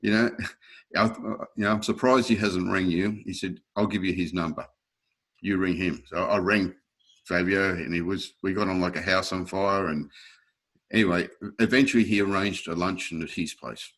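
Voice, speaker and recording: A man's voice: low voice, normal speed. A man, a guest telling stories in an interview, acting out other people's voices and laughing often. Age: 60s. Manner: lively anecdotes, acting out quoted voices, frequent chuckles. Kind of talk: storytelling in a casual interview.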